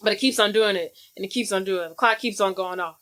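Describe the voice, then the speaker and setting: Woman podcast co-host, casual chat, slangy, animated retelling, medium pitch. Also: quick pace. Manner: animated storytelling with acted-out quotes. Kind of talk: casual movie recap chat.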